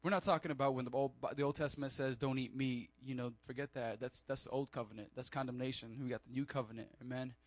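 A man preaching a sermon, animated with joking asides and loud emphatic peaks. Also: mid-range voice, quick pace, hardly any pauses, no room sound. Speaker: pastor.

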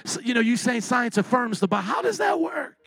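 A man's voice: very high voice, very animated, a little fast, gravelly, a bit bright, slightly rough, no echo, voice pushed up, exaggerated voice. A man voicing a sincere young woman who asks questions hesitantly. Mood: earnest.

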